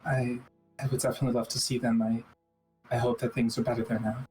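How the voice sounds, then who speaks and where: A man playing a tabletop game in character, hesitant and halting, very polite. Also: mid-range voice, little pitch movement, darkish tone, faint music behind. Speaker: player. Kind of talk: tabletop role-play in character.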